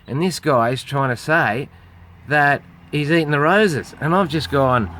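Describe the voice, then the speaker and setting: A little hiss or hum sits under this recording of an Australian street performer with a goat, whose voice is a little high and fairly bright at a measured pace. Facing the camera, he tells a long, wandering story, swearing freely and impersonating the people in it.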